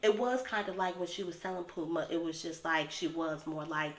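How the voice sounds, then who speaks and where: A woman's voice: lowish voice, steady tone, fairly quick. A woman giving a casual, rambling recap of a TV episode, her talk packed with filler words. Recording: roomy echo with faint ambience.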